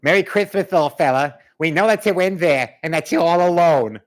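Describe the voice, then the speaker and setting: A man's voice: a little high, brisk, voice pushed up, natural voice. A man voicing a bumbling male burglar dressed as Santa, coaxing and then panicking. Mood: wheedling. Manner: wheedling then panicky, shouting orders.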